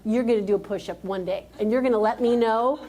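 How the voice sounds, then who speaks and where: A woman's voice: fairly high pitch, fast talker, warm tone, a little hiss or hum. A woman giving a motivational keynote speech on stage, talking emphatically and directly to a live audience. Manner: emphatic, direct, calls out to the crowd.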